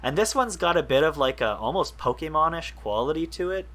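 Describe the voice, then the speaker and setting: A man's voice: fairly high pitch, animated, brisk, fairly bright tone. A man co-hosting a casual gaming podcast, explaining at length with lots of fillers and restarts. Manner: rambling, enthusiastic explainer with many fillers. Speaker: podcast co-host.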